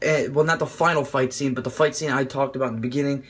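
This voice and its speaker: A young man excitedly reviewing a movie in an informal, rambling way, swearing freely. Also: mid-range voice, quick pace. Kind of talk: casual video review.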